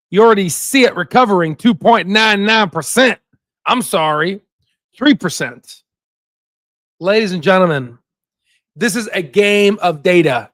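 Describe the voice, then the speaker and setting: A man hosting a casual stock investing livestream, joking and hyping, with sudden shouted bursts and constant "right?" asides. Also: high-pitched, animated, measured pace, long pauses, no room sound.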